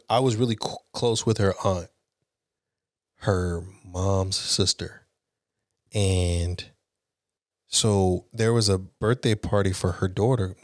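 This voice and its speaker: A young adult man, a podcast guest, casually telling a candid, animated story with frank language. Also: on the low side, no echo, studio quality.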